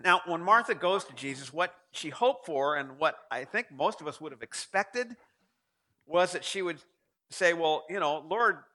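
A man preaching a sermon in a high, bright voice that rises and falls a great deal. He keeps turning to his listeners with rhetorical questions. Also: expressive, moderate pace. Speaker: pastor.

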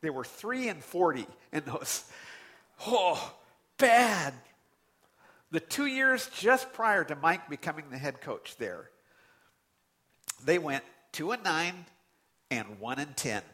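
A man delivers a sermon in a bright, ringing voice that sits a little high for a man. His delivery is animated, with big swoops in pitch and sudden loud outbursts between calmer, conversational stretches. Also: measured pace, slightly rough. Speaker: pastor.

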